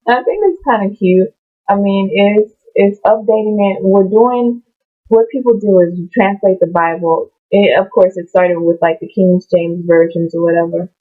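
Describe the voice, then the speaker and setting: A woman reads scripture and then drifts into loose, chatty commentary, often losing her thread and starting over. Her voice sits at a middle pitch. The sound is thin and tinny, like a phone line. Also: moderate pace. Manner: rambling, digresses and restarts. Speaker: Bible-reading vlogger. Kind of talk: casual Bible reading and commentary.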